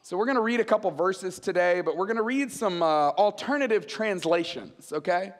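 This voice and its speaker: High-voiced joking pastor in a big hall. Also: male voice, fairly quick. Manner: animated, joking storyteller. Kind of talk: sermon.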